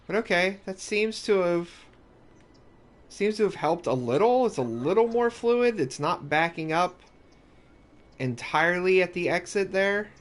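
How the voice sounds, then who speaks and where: A man's voice: sits high, expressive, a little slow. A man giving casual let's-play commentary, rambling and thinking aloud with restarts as he plays. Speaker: gaming YouTuber.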